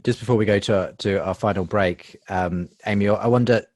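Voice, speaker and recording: A man's voice: fairly low pitch, moderate pace, a little mellow, no room sound. A man hosting a podcast, asking a guest open, conversational questions. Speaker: podcast host. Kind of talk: podcast interview.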